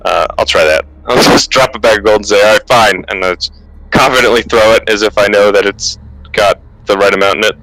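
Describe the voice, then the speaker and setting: A low but bright-toned man chats through his turn at a tabletop game, talking his choices over out loud in a loose, casual way. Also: steady tone, brisk, rough recording. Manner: chatty, thinks aloud while counting. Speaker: player.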